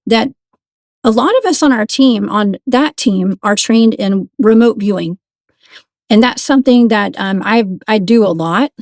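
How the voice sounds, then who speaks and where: A woman, a paranormal investigator telling her stories as a guest in a casual, animated way. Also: medium pitch, dry recording. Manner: animated, laughs often, restarts sentences. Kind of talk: casual storytelling.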